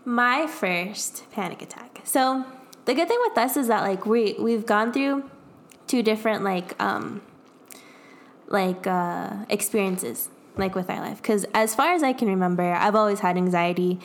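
A young adult woman with a medium-pitched, unhurried voice tells a personal story in casual chat. She rambles, fills her speech with fillers like "like," and laughs often.

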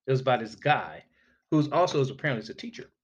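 A man hosting a casual talk show, emphatic and animated as he makes his points. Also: mid-range voice, fast talker. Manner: animated and emphatic, rising when fired up. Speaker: podcast host.

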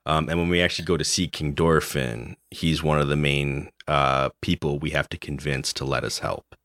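A man's voice: very deep voice, fairly even intonation, normal speed, a bit bright, no room sound, studio quality. A man co-hosting a podcast, talking casually about a video game, rambling with many fillers and chuckles. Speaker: podcast co-host.

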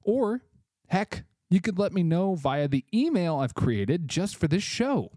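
A man's voice: on the high side, lively intonation, measured pace, dark tone, dry recording, clean studio sound. A man from Tennessee, hosting a casual solo podcast with offhand, chatty asides, a bit congested. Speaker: podcast host.

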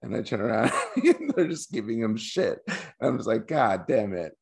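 A man's voice: medium pitch, huge pitch swings, normal speed, vocal fry, husky. A man on a casual podcast, cracking crude teasing jokes and laughing often.

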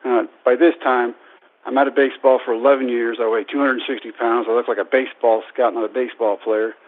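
On a tinny radio broadcast resembling a phone call, a thirtysomething baseball coach gives a storytelling speech about his own life. He's animated, voicing the people he quotes, in a mid-range voice that runs a little fast.

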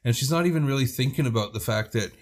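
A man on a casual podcast spins a rowdy anecdote with loose, profane energy. His voice sits at an ordinary middle pitch, and he slips into the voices of the people he describes. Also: fast. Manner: profane, animated storyteller who acts out quoted people. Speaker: podcast co-host. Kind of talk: casual storytelling chat.

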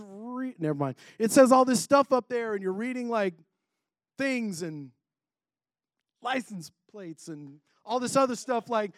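A man's voice: high-pitched, no room sound, studio quality. A man teaching a Bible passage in a casual sermon, reading scripture aloud and breaking off with chatty asides and laughs. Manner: conversational, self-interrupting, laughs between points.

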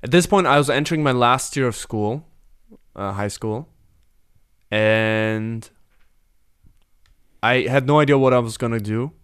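A man's voice: mid-range voice, a little slow, long pauses, a bit bright, clean tone, no echo, clean studio sound. A man in his late twenties hosting a casual podcast, talking candidly and reflectively with some hesitation. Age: 20s. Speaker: podcast host. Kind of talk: casual chat.

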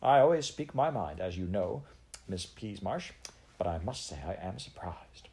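A man's voice: low voice, big pitch swings, moderate pace, a little mellow, a little hiss or hum. A man reading aloud and voicing a pompous, stern, stout woman stallholder in a storybook. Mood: indignant. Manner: stern, haughty, scolding.

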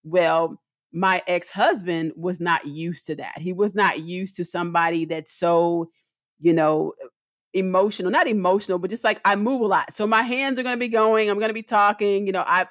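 A middle-aged woman co-hosting a podcast in casual conversation, expressive, with her voice rising when she gets excited. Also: on the low side, dry recording, clean studio sound. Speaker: podcast co-host.

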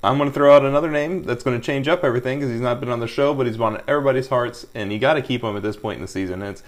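A man's voice: mid-range voice, rapid-fire. A man with a somewhat nasal voice co-hosting a casual fantasy baseball chat, emphatic and joking. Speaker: fantasy baseball podcast co-host.

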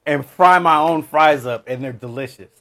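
A man's voice: on the high side, moderate pace. A man co-hosting a sports podcast, chatting casually, swearing a lot and laughing often. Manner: profane, animated, laughing often. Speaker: podcast co-host.

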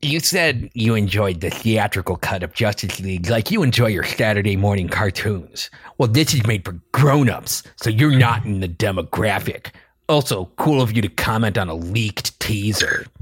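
A man putting on a self-important film director with a husky, slightly low voice. He delivers each line snippily and with mock gravity, plainly an impression rather than his own voice. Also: animated, normal speed. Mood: snippy. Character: gruff put-upon male film director reading a retort.

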